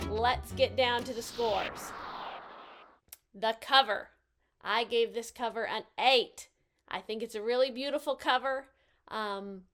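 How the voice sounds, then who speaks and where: A cheerful woman with a fairly high voice talks through a picture book review, upbeat and encouraging as she scores each part. Soft music plays faintly behind her. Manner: cheerful, gently enthusiastic, giving scores out of ten. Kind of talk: casual spoken book review.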